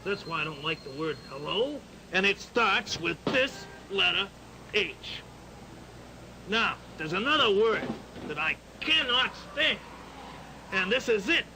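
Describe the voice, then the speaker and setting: A man's voice: high voice, sing-song, unhurried, pushed and bright, a little hiss or hum, exaggerated voice, rough recording. A man voicing a grumpy male grouch puppet who grumbles that he hates happy things. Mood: grumbling. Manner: gruff, grumbling, sour. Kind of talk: puppet show monologue.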